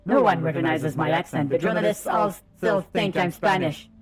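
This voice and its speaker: A man's voice: high voice, normal speed, loud music behind the voice, natural voice. A man reading aloud the lines of a proud, weary woman restaurant chef from a game, earnest and sighing.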